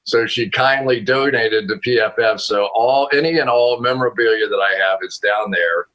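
Bright-voiced man telling a story. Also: mid-range voice, normal speed, muffled recording. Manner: animated, laughs often, frequent restarts. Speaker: guest, football analyst. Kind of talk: casual storytelling interview. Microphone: video call.

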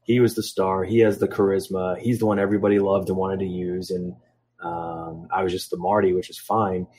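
Low husky-voiced man telling stories. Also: flat delivery, a little fast, darkish tone. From Philadelphia, USA. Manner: rambling, frequent ums, acts out quotes. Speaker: podcast guest, wrestler. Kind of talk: casual storytelling interview.

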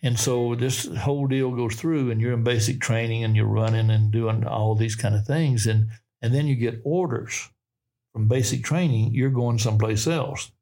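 An older man with a Southern US accent tells folksy, rambling stories about his past as a guest on a podcast. His mid-range voice has a steady, dark tone and moves at a normal speed.

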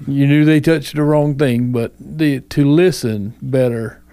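Mellow, dark-toned man, casual group talk, wry and anecdotal, dry close sound. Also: mid-range voice, fairly even intonation, measured pace, smooth, dry recording. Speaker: phone technical support worker.

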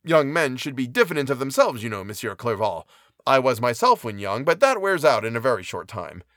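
A man voicing a blunt, boastful older male professor with a harsh, gruff manner in a storybook reading. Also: medium pitch, very animated, a little fast, fairly bright tone, dry recording, studio quality. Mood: patronizing.

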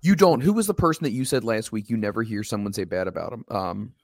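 A man's voice: fairly low pitch, fast talker, darkish tone, no room sound. A middle-aged man co-hosting a casual wrestling podcast, posing probing questions and building his arguments. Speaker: podcast co-host.

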